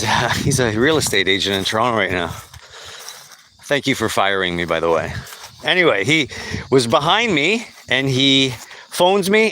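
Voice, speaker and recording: A man's voice: mid-range voice, bright, forceful tone. A man hosting a podcast, telling a personal story in a blunt, profane, casual way. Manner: blunt and profane, with frequent swearing and fillers. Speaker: podcast host.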